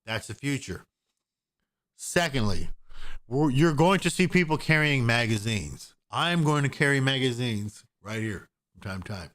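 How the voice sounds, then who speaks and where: A man's voice: mid-range voice, lively intonation, moderate pace, fairly bright tone. A man from Oregon giving a casual vlog rant in a blunt, profane, repetitive way. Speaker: gun owner vlogger.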